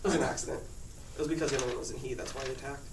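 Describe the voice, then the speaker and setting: A man's voice: medium pitch, steady tone, rapid-fire, vocal fry. A teenage boy telling a rambling personal story to his class, laughing often as he talks. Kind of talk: casual personal anecdote. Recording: echoey room, far-off mic, noisy.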